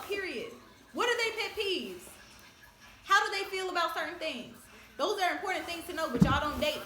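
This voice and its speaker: Fast bright-voiced woman lecturing emphatically. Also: extremely high pitch, a little hiss or hum. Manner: emphatic, lecturing, laughs often. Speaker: host. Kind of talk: casual discussion. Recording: echoey room.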